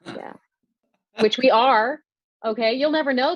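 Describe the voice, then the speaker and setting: A woman's voice: high voice, measured pace, no echo, muffled recording. A woman performing a stand-up comedy set over a video call, telling wry stories with lots of fillers. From United States. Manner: wry, conversational storytelling with many fillers.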